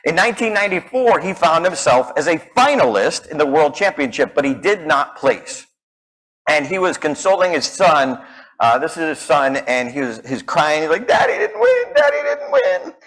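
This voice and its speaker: Animated man telling stories. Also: on the high side, normal speed, poor audio. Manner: animated, acts out quoted voices. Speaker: public speaking coach. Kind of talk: storytelling keynote talk.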